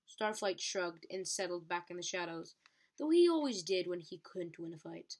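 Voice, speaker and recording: A woman reading a novel aloud in a steady way, with occasional slips she corrects. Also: fairly low pitch, normal speed. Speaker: reader.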